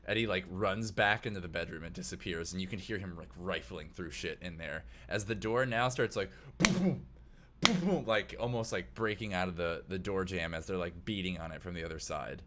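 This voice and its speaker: Low-voiced male game master narrating. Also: fairly quick, hardly any pauses, a bit bright. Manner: casual, many fillers like "like".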